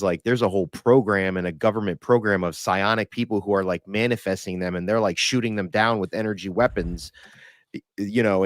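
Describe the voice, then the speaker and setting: A male co-host in casual livestream chat, talking in an excitable, rambling way over a video call. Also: fairly low pitch, dry recording, studio quality.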